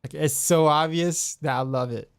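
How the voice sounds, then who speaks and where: A man's voice: a little high, fairly even intonation, normal speed, clean tone. A man chatting casually while streaming a game. He laughs often and repeats himself. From Southeastern United States. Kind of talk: casual chat while gaming.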